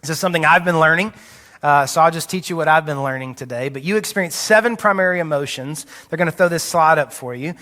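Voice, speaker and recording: A male pastor preaching a sermon, conversational and teaching, with quick asides, recorded live in a church auditorium on a stage mic. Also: a little high, bright, forceful tone. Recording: live church hall reverb.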